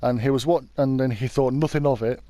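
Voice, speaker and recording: A man's voice: mid-range voice, fairly even intonation, brisk, mellow, dry recording. A British man hosting a true crime video, telling a story in a chatty, informal way and often backtracking to correct himself. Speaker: YouTube true crime host. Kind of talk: casual storytelling narration.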